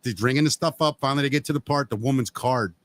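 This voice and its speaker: A man's voice: medium pitch, fast, no echo. A man chatting on a podcast, spinning an everyday anecdote. His voice sits in the middle range for a man. He slips into the voices of the people he quotes. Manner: animated storyteller acting out quoted voices. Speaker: podcast co-host. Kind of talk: casual chat.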